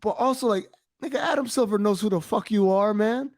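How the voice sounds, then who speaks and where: This man co-hosts a casual podcast, his somewhat high voice recorded dry and close. He teases his friends and laughs his way through the stories he tells. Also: brisk, darkish tone, no room sound. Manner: laughing, teasing storyteller. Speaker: podcast co-host.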